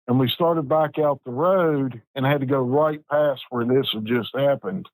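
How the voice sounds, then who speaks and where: A man, telling a personal story as a podcast guest in an unhurried, plain-spoken way with frequent restarts. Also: medium pitch, darkish tone, no room sound, poor audio. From West Virginia. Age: 50s.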